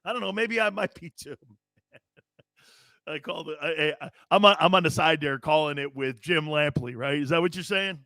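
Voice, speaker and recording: A man's voice: on the high side, moderate pace, sharp tone, no echo. A man hosting a sports talk show, brash and joking, laughing often as he reads viewer comments.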